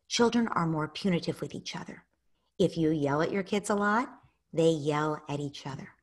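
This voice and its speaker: A woman giving an online parenting masterclass, lively, acting out what parents might say in a raised voice. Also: fairly low pitch, breathy edge. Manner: animated, acts out parent quotes in a raised voice. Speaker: parenting educator.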